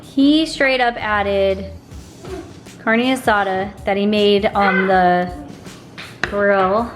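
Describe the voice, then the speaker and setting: A woman's voice: mid-range voice, fairly even intonation, drawn-out words, music in the background. A woman chatting to her viewers in an upbeat, casual way as she cooks at home. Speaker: vlogger. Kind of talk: casual cooking vlog. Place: home kitchen and backyard grill.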